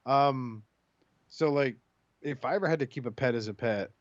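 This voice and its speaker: A man's voice: medium pitch, normal speed, dry recording, lo-fi sound. A man in his forties from New Jersey, co-hosting a podcast with crude, joking banter. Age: 40s. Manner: joking, crude, putting on silly voices. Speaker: podcast co-host. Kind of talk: casual chat.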